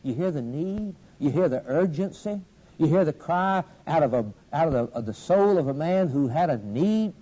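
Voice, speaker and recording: Husky-voiced preacher in fervent sermon. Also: male voice, fairly high pitch, lively intonation, moderate pace, mellow, dull audio. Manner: fervent, rising and falling emphasis, repeated phrases.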